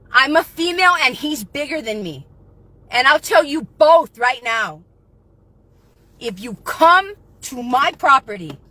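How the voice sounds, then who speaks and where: Woman, high and bright, outdoor livestream rant, confrontational and shouty. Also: no echo. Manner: confrontational, swearing, often shouting. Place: outdoors in front of her house.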